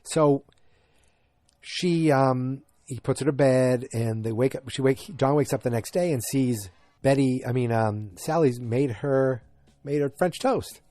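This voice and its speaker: A man's voice: mid-range voice, a little slow, mellow, no room sound. A man hosting a podcast, chatting through an episode recap in a rambling way that flares into exasperation. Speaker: podcast host.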